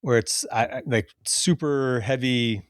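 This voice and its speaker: A man's voice: mid-range voice, a little slow, no room sound, clean studio sound. A man hosting a casual podcast, chatting loosely and laughing often as he runs through a cast list. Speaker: podcast host. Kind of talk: casual chat.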